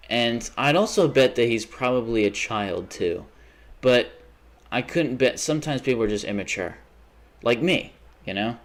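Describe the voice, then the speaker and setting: Rambling, profane young male streamer. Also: on the low side. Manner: rambling, profane, quick to get heated. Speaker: livestreamer. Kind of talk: casual livestream chat while gaming.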